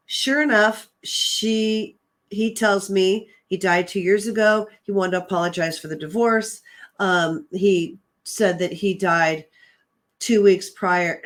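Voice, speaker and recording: A woman hosting her own show, telling a personal story in a casual, chatty way. She retells conversations with lots of "I'm like" and "um", and sounds earnest and emotional. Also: medium pitch. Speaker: host and psychic medium.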